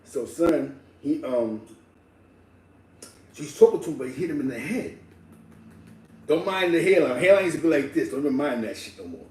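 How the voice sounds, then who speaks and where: A man telling a street story in slangy, animated casual talk, laughing and acting out the people in it. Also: on the high side, normal speed, pauses often, a little hiss or hum. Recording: roomy echo, distant mic, faint ambience.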